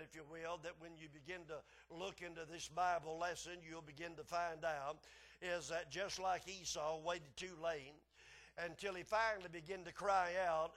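A man preaching a sermon, his voice climbing loud when he reads scripture and dropping low when he explains it. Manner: rises loud and high reading scripture, drops low to explain.

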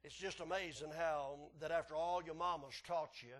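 High-voiced preacher. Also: male voice, steady tone, normal speed. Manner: folksy, chuckling, swings from soft asides to hollering. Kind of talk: sermon.

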